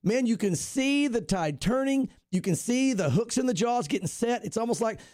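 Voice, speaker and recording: A man's voice: very high voice, expressive, normal speed, darkish tone, no room sound, clean studio sound. A man, a pastor, talking animatedly and emphatically on a radio show, rambling with restarts. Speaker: pastor, guest commentator. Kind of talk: casual radio talk on prophecy.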